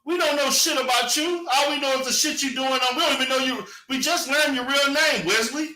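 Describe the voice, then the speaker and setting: A man's voice: extremely high pitch, brisk, pushed and bright, roomy sound. A man hosting a stream, mocking a clip with crude, laughing commentary. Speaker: livestream commentator.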